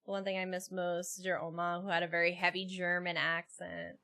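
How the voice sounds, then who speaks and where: A woman's voice: lowish voice, little pitch movement, fairly quick, bright, forceful tone. A woman streamer in casual chat, laughing often and talking freely with viewers and her co-host. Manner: giggly, chatty, laughs often.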